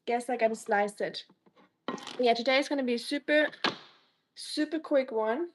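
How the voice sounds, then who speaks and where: In her home kitchen, a woman cooks on a live stream, chatting casually, naming viewers as she greets them, and joking teasingly. She speaks at normal speed in a slightly high voice, with background noise behind her.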